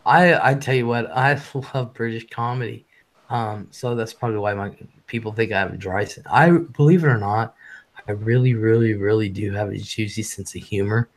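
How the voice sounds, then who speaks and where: A man hosting a casual live stream. He talks fast, swears freely and reads chat messages aloud. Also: lowish voice.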